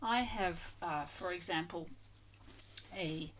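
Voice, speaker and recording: A woman's voice: fairly low pitch, takes it slowly, fairly bright tone. A woman hosting a language-learning channel, giving a scripted vocabulary lesson and carefully spelling out foreign words.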